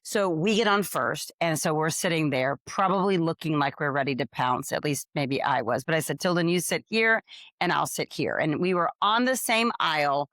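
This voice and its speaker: A woman's voice: deep voice, normal speed, fairly bright tone, no echo, clean studio sound. A woman co-hosting a podcast, telling a story with energy and acting out the other people's lines. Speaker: podcast co-host. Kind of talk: casual storytelling chat.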